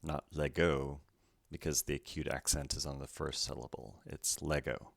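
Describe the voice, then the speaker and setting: A man's voice: extremely low pitch, steady tone, brisk, vocal fry, fairly bright tone, dry recording. A man teaching Greek pronunciation, going carefully through each word letter by letter in a methodical way. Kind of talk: slow letter-by-letter pronunciation lesson.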